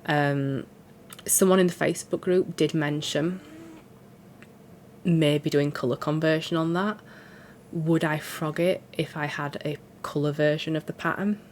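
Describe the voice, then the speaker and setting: Woman, low pitch, congested, sore throat, rambling casual chat. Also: steady tone, a little slow, darkish tone, a little hiss or hum. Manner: chatty, rambling, self-deprecating. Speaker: cross-stitch vlogger.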